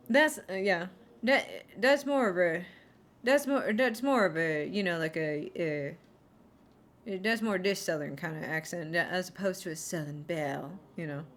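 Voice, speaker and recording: Woman streamer, casual rambling chat, sarcastic asides, lots of ums, slightly low voice. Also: fairly bright tone. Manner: rambling, sarcastic, heavy on fillers.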